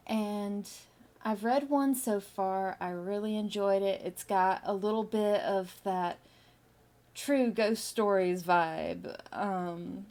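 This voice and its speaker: A middle-aged woman chatting casually with her stream viewers as she draws, musing slowly with lots of fillers. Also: mid-range voice, a little mellow. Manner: slow, musing, with many fillers. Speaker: artist streaming while drawing. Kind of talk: casual chat with live viewers.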